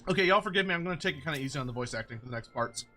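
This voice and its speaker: Male streamer, casual gameplay chat, swears freely, high pitch, very animated. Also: very fast, faint music behind.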